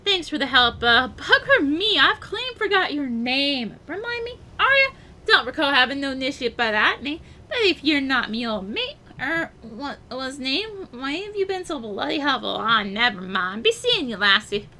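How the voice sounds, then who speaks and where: A woman voicing a gruff, boozy male sea captain with rowdy, coarse sailor talk. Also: high-pitched, sing-song, normal speed, sharp tone, exaggerated voice. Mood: boisterous.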